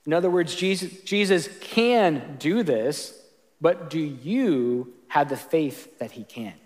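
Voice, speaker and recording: A man's voice: on the high side, expressive, slow pace, darkish tone. Earnest preacher man in a reverberant hall. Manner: earnest, conversational with restarts. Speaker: pastor. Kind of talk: sermon.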